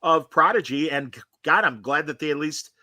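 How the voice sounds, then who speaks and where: A man talking through a casual fan chat in an animated, opinionated way, stumbling into restarts as he goes. His voice has a bright, forceful edge, and the recording is dry and close. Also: on the high side, normal speed, no room sound. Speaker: podcast co-host.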